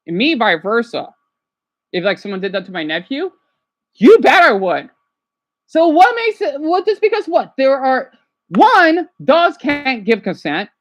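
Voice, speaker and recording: A man livestreaming his reactions, rambling and agitated, dropping to quiet mutters and then yelling at someone off to the side. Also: very high voice, big pitch swings, measured pace. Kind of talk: casual livestream reaction chat.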